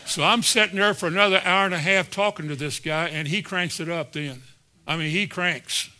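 Folksy bright-voiced preacher telling stories. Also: male voice, high-pitched, normal speed. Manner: folksy anecdotal preaching, shifting between soft asides and sudden emphatic rises. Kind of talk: sermon storytelling.

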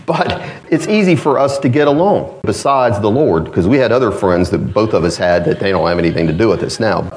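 A man's voice: on the low side, expressive, normal speed, a little mellow. Folksy male preacher with a northern accent. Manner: folksy, conversational preaching with asides. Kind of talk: sermon.

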